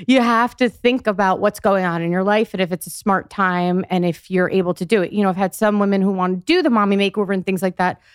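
A woman's voice: medium pitch, steady tone, quick pace, hardly any pauses, clean tone, no room sound, studio quality. A woman in her forties, a physical therapist guest on a podcast interview, explaining things step by step with emphasis.

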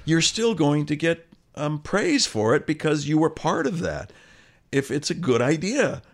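A man in his sixties, an actor guest telling an animated anecdote and acting out other people's voices. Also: a little high, a little slow. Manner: animated storyteller, acts out quoted voices. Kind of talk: conversational anecdote.

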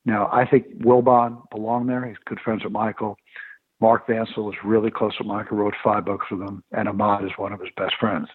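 A man and former sports agent telling stories in a radio interview, animated and opinionated. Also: on the low side, normal speed, slightly rough, no room sound. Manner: animated storyteller. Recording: tinny phone-line radio sound.

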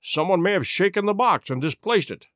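A man voicing a calm, shrewd male detective who reasons in a measured, cool way. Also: sits high, no room sound, studio quality.

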